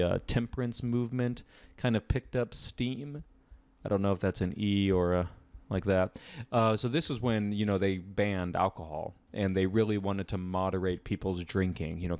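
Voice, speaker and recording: A man with a somewhat low voice talks through vocabulary questions like a relaxed tutor. He is chatty and full of fillers, and the sound is dry and close, with no room echo. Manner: relaxed, conversational, frequent fillers and asides. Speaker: test-prep tutor. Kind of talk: casual explanatory lesson.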